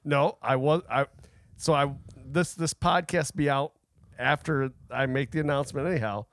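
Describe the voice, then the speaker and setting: A man's voice: on the high side, moderate pace, no echo, clean studio sound. A man co-hosting a podcast, casually defending his decisions with lots of restarts. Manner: defensive, joking, restarts a lot. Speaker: podcast co-host and event organizer. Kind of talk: casual banter. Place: studio.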